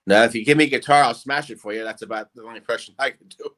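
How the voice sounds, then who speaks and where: A man's voice: mid-range voice, very fast, a bit bright. A man chatting as a guest impressionist, rambling and hesitant with many fillers. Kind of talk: casual interview chat.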